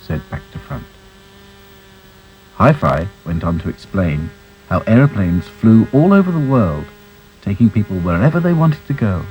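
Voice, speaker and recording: A man narrating a children's story in a gentle, unhurried way. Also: low voice, very animated, a little hiss or hum, poor audio.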